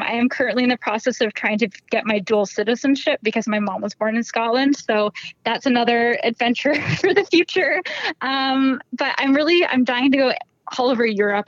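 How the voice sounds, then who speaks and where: A fairly high-voiced young woman chats easily and laughs often. The sound is dull and dry, like a lo-fi home recording. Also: no room sound. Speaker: podcast guest. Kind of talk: casual chat.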